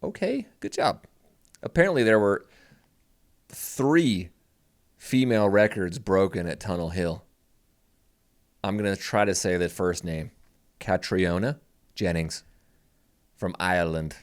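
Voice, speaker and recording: Man, podcast co-host, casual banter, animated pitch, teasing, laughs a lot. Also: measured pace, pauses often. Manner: teasing, laughs often, jumps between topics.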